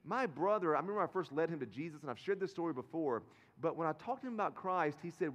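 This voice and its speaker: Middle-aged male pastor, animated storyteller with a high, lively voice, booming in a reverberant sanctuary. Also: quick pace, highs cut off. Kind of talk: sermon. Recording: long reverb of a large hall.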